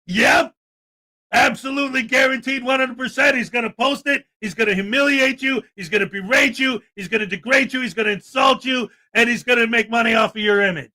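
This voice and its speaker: A man's voice: extremely high pitch, a little fast, pushed and bright. A man hosting a livestream, delivering sarcastic, indignant commentary and firing back at chat comments. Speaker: livestream host.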